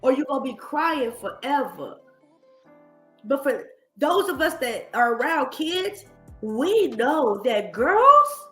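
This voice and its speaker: Woman, high voice, bright tone, blunt profane commentary, echoey room with faint music. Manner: blunt, animated, profane, mocking impressions. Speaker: streamer commentator. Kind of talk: reaction commentary.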